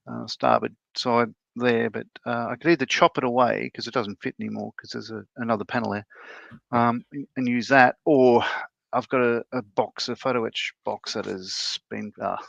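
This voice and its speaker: Gravelly man on a dull lo-fi mic. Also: mid-range voice, fairly even intonation, moderate pace, a bit bright, no room sound. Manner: rambling, explains his model build step by step with many fillers. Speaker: co-host, scale modeller. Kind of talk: casual livestream chat.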